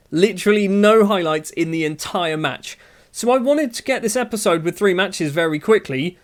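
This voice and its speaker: A man with a high voice talks through a football management game in a casual, running commentary. He is often exasperated and sarcastic, scolding his virtual players as he goes. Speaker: gaming YouTuber.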